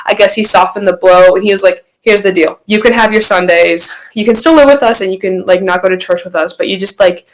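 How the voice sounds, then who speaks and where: A woman's voice: mid-range voice, fairly quick, hardly any pauses, poor audio. A young woman chatting as a podcast guest, telling a personal story in a rambling way, full of fillers and restarts. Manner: rambling, filler-heavy, acts out quotes. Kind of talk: casual storytelling chat.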